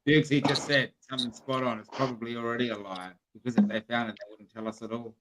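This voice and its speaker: A man's voice: medium pitch, fairly even intonation, quick pace, background noise. A man, chatting casually with mocking laughs and swearing. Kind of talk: casual chat.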